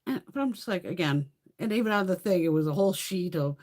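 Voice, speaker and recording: A woman's voice: on the low side, expressive, fast, few pauses, a little mellow. Blunt, swearing woman chatting on a livestream. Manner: profane, blunt storytelling, reads viewer comments. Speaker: livestream host. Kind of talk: casual livestream chat.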